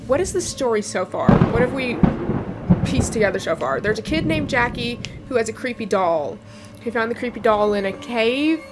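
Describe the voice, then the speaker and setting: A woman playing a horror game, talking to herself nervously and joking to calm her nerves. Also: a little high, normal speed. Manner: nervous, talks to herself, jokes to cope. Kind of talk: casual let's-play commentary. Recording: game music playing behind. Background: game music.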